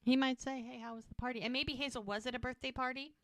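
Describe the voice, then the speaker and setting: A woman's voice: high voice, fairly even intonation, fast talker, a bit bright, no room sound, studio quality. A woman co-hosting a podcast, casually recapping a scene and acting out the characters' lines. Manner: retells scenes, acting out dialogue. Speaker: podcast co-host.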